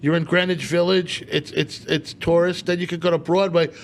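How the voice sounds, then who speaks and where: Comedian guest, male, high gravelly voice, animated storyteller who acts out his quotes. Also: normal speed. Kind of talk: casual podcast storytelling.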